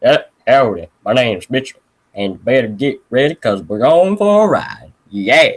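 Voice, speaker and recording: Brief: young man doing a swaggering deep-voiced cowboy, tough-guy bluster. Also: expressive, moderate pace, breathy edge. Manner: drawling, mock-tough bravado.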